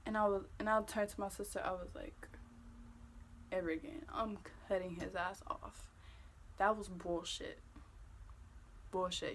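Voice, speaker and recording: Bright, sharp-voiced young woman telling a profane story. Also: a little high. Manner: profane, animated storytelling that turns loud when replaying an argument. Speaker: vlogger. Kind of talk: story time vlog.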